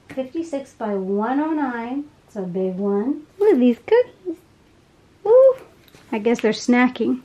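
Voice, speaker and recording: A woman chatting casually as she unboxes craft kits, gushing with soft laughs. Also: a little high, breathy edge, rough recording. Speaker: unboxing vlogger.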